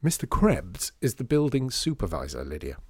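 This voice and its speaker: Brief: man playing a wry, careful father, low and dry. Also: big pitch swings, moderate pace, a little mellow, husky, no room sound, heavily acted. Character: cautious, practical father.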